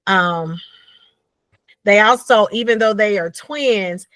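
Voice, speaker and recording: A middle-aged woman talking casually about a book over a video call, animated and wondering aloud. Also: mid-range voice, slow, no room sound. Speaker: book club member. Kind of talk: casual chat.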